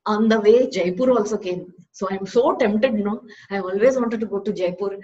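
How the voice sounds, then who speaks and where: A woman's voice: mid-range voice, moderate pace, mellow, lo-fi sound. A woman with an Indian English accent giving a conversational spiritual talk as a teacher, often tagging her sentences with questions. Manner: conversational, rhetorical tag questions. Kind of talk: Vedanta scripture talk.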